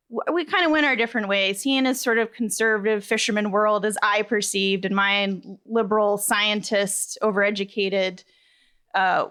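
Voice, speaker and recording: Brief: woman, 30s, live personal storyteller, lively and laughing, higher voice. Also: clean tone. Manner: animated, laughing, quotes others.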